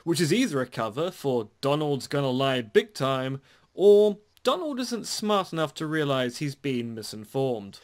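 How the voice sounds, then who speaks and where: A man's voice: medium pitch, very animated, a little slow. A man hosting a podcast, anchoring comedic news segments with a bossy, mock-stern manner. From New Zealand. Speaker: podcast host.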